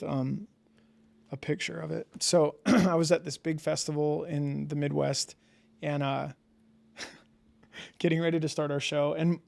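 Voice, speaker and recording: A man with a fairly high voice talks as a podcast guest. He spins a long, casual story, packed with "like" fillers, and acts out his own reactions along the way. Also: creaky, darkish tone.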